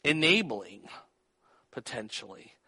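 A man's voice: mid-range voice, big pitch swings, slow pace, sharp tone, slightly rough, long reverb tail. A man preaching a sermon, teaching and putting questions to his listeners. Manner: teaching, asks the audience questions.

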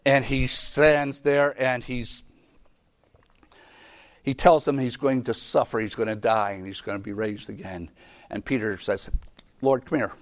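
A man's voice: medium pitch, flat delivery, unhurried, pauses often. A man teaching a Bible lesson in a conversational way, often repeating himself and restarting sentences. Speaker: preacher.

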